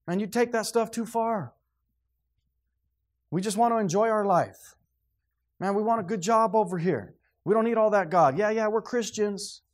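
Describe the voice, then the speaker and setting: A preacher putting on flippant worldly grandkids. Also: male voice, high-pitched, moderate pace, pauses often, pitched above the performer's own voice, close to an everyday voice. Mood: dismissive. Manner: flippant, brushing off. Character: dismissive worldly young grandchildren, casual.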